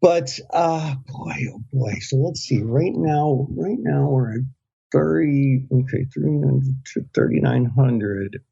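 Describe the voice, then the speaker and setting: Husky, rambling co-host man, dull sound. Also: mid-range voice, slow, warm tone. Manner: rambling, hesitant, many fillers and restarts. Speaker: podcast co-host. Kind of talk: casual podcast chat.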